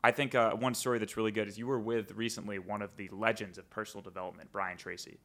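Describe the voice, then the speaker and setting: A man's voice: on the low side, flat delivery, quick pace, a bit bright. A man hosting a podcast interview, asking questions with an enthusiastic, admiring manner. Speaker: podcast host.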